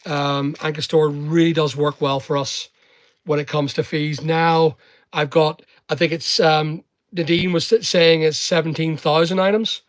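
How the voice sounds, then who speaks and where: A man's voice: fairly high pitch, little pitch movement, measured pace, no room sound. A middle-aged Northern Irish man rambling chattily on a livestream while packing online orders and talking to viewers. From Northern Ireland.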